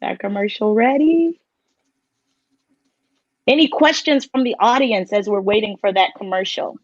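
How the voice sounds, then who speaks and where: A woman's voice: medium pitch, no echo. Upbeat woman moderating over dull, dry audio. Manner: upbeat, affirming, quick to laugh. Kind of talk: hosting a virtual town hall. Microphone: video call.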